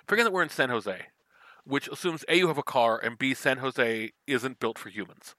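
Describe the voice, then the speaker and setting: A man co-hosts a podcast in loose, animated chat, tossing in casual swearing and sidetracks. His voice has a bright, crisp edge. The recording is dry and close. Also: mid-range voice, brisk, no room sound. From US West Coast. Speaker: podcast co-host.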